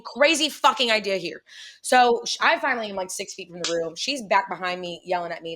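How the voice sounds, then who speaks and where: A woman co-hosting a podcast who tells a personal story in casual chat. She speaks bluntly, swears a lot and laughs often. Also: medium pitch. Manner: profane, blunt and animated. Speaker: podcast co-host.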